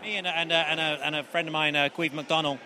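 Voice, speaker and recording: A man, a comedian, chatting in an interview, quick and wry, often restarting sentences. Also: fairly high pitch, fairly even intonation, sharp tone. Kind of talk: casual interview.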